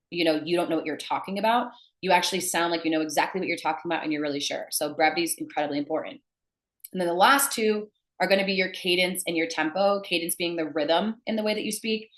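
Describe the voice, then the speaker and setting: Blunt woman sales coach, echoey room. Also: lowish voice. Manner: emphatic, blunt. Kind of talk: teaching to camera.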